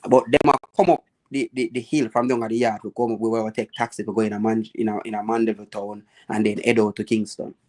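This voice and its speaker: A man with a Jamaican accent hosting a live chat, telling lively stories about his childhood in patois and acting out the people he quotes. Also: on the low side, fast, few pauses. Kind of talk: casual storytelling chat.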